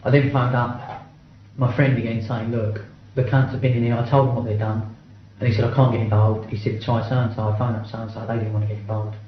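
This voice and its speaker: A middle-aged man talks quickly and bluntly, swearing freely and tripping into restarts as he tells his story. His voice sits in an ordinary male range. The recording is heavily echoey and a little dull, with faint room sound underneath. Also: medium pitch, level tone, a little hiss or hum. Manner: blunt, swears often, stumbles and restarts while reliving events. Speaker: interviewee. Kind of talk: first-person account in an interview.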